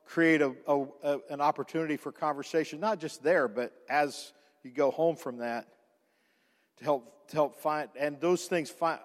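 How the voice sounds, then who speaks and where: A man pastor telling a personal story in a sermon, animated, with frequent restarts and repeated words. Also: fairly high pitch, normal speed, long reverb tail.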